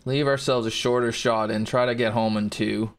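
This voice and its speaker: A man's voice: medium pitch, fairly even intonation, moderate pace. A man casually commentating his golf video game play, reacting to shots and talking to viewers in chat. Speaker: gaming streamer.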